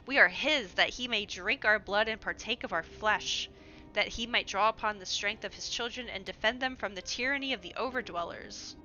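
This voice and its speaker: A woman's voice: medium pitch, normal speed, sharp tone, dull audio, soft background music, close to an everyday voice. A woman voicing a stern, bitter old male kobold patriarch in a video game, declaiming his lines. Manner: commanding, declamatory.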